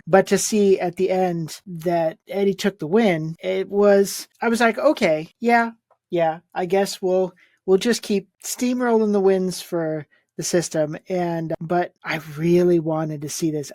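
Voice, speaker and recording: A woman co-hosting a wrestling review podcast, speaking in a relaxed, rambling way. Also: on the low side, no room sound, clean studio sound. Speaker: podcast co-host. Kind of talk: casual wrestling review chat.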